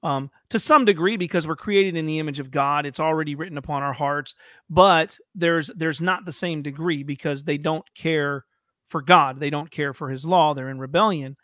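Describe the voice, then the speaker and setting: A man hosting a podcast, talking through theology in a thoughtful, halting way with many fillers. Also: on the high side, sharp tone, dry recording, clean studio sound. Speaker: podcast host. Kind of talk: casual theological discussion.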